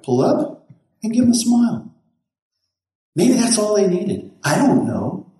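A man's voice: high voice, sing-song, measured pace, mellow. Folksy pastor man in an echoey room. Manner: rambling, folksy, with many restarts and quoted dialogue. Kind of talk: casual storytelling.

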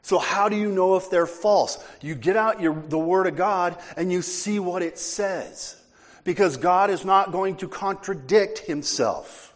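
A man preaching a sermon as pastor, emphatic and forceful, with casual asides. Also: sits high, unhurried. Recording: long hall reverb.

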